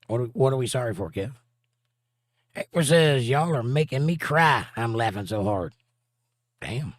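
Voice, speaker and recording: A man's voice: medium pitch, lively intonation, moderate pace, pauses often, no room sound, studio quality. Middle-aged man joking with a crude edge. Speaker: livestream host and musician. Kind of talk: casual chat, reading viewer comments aloud.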